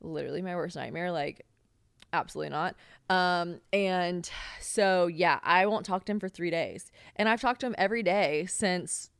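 A young woman hosts her podcast in a smooth, low-set voice, rambling frankly with plenty of fillers and cheerful swearing. She sounds a touch hungover, and the recording is close and dry. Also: normal speed, a bit bright, dry recording. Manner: chatty, frank and profane, with many fillers. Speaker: podcast host. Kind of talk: casual solo podcast chat.

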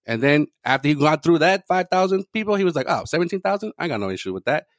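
A man, a podcast co-host in casual sports chat, talking fast and acting out other people's lines. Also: a little high, dry recording. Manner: rapid, animated, acts out other people's voices.

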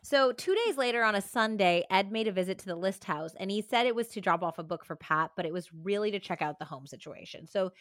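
A woman's voice: medium pitch, fast talker, hardly any pauses, fairly bright tone, dry recording, clean studio sound. A young woman hosting a true crime podcast, reading from a book and chatting casually. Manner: reads book excerpts, then chats casually with filler "like". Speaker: podcast host.

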